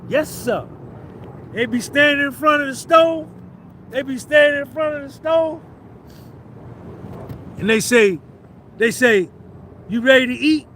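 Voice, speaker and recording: A man with a New Jersey accent and an unusually high voice rambles through a casual livestream, cursing freely and calling out to viewers in the chat. Faint traffic hums behind him. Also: lively intonation, slow, long pauses, bright, forceful tone. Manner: profane, rambling, banters with chat. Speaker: livestream host.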